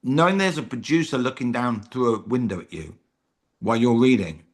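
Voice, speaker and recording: A British man talks casually as a podcast guest, spinning anecdotes with a self-mocking edge. His voice sits at an ordinary middle pitch, and he fills gaps with frequent ums. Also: lively intonation, brisk. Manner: chatty storyteller, self-deprecating jokes, many ums. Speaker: comedian guest. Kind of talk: casual chat.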